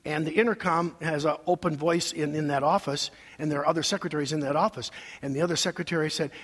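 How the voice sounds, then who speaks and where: A man preaching a sermon as pastor, telling a personal story with emotion, his voice going from soft asides to loud cries. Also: on the high side, steady tone, fast. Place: large church sanctuary. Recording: long hall reverb.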